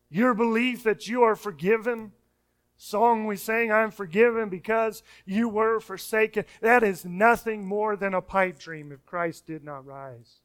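A man preaching a sermon as pastor, emphatic, with repeated words and sudden soft hushed endings. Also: high voice, measured pace, clear, resonant tone. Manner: emphatic preaching, drops to soft hush on key phrases; repeats words and restarts when speeding up.

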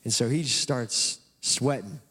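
A man preaches in a relaxed, conversational style. He speaks at a middling pitch with lively storytelling energy. His voice carries the long echo of a large hall. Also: unhurried, slightly rough. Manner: animated, conversational retelling. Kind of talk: casual sermon storytelling.

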